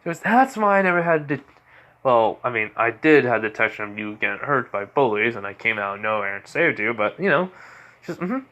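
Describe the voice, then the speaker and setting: A man narrating an amateur fan story, voicing a shy, earnest teenage girl who talks in a hesitant, halting way. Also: mid-range voice, sing-song, muffled recording. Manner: hesitant, halting, soft-spoken.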